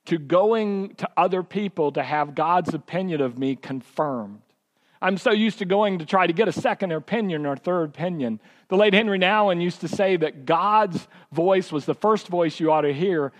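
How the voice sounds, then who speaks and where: Man preaching a storytelling sermon. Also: fairly high pitch. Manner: storytelling, acting out quoted voices. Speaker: pastor.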